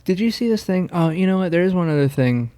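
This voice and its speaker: A man's voice: high-pitched, expressive, fast talker, dark tone. A man co-hosting a podcast in casual chat, rambling with many fillers and restarts. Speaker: podcast co-host.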